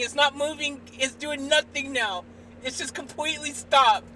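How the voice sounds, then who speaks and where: A woman live streamer talking to her viewers and an AI assistant in an excitable, exasperated way, swinging between shouting and muttering. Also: high voice, moderate pace. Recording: distant mic, faint background noise.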